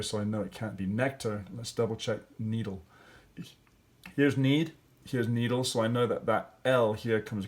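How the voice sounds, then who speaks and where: A male teacher walking through grammar and spelling exercises step by step, thinking aloud with fillers. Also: on the low side. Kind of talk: classroom lesson walkthrough.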